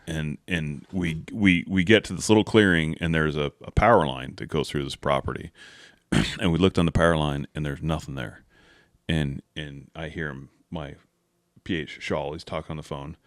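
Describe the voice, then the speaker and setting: A man's voice: very deep voice, moderate pace, dry recording, studio quality. A man hosting a podcast, telling a hunting story in a casual, rambling way, full of "like" and "right?" and acting out the people in it. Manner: rambling, with many "like" and "right?" fillers; acts out the people in his stories. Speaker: podcast host.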